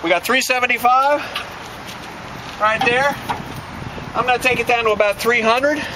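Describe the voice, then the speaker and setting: A man's voice: extremely high pitch, moderate pace, echoey room, noisy background. A man hosting a casual barbecue cooking demonstration, folksy and joking as he talks straight to viewers outdoors at the grill. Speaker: barbecue cook and show host.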